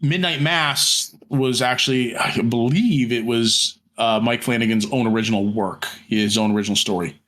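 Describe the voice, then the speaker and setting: A man's voice: medium pitch, normal speed, few pauses, a bit bright. A man co-hosting a podcast in casual chat, rambling with many fillers and restarts and some casual swearing. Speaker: podcast co-host.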